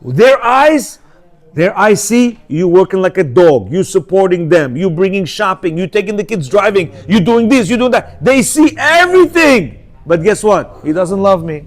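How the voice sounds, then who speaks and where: Animated high-voiced man teaching a class. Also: normal speed. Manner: lively, asks the room "yeah?" and "you know?"; bursts into loud emphatic outcries. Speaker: teacher giving a class on marriage. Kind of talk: animated storytelling class talk.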